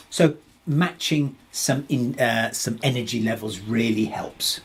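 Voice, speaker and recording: A husky man hosts a live webinar and works through audience questions. He talks in a halting way, full of restarts and fillers. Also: medium pitch. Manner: hesitant, many restarts and fillers, reads out questions. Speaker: webinar presenter.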